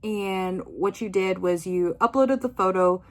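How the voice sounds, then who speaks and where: Young woman vlogger, relaxed mid-pitch, rambly and chatty, lots of fillers. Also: a little slow. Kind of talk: casual chat.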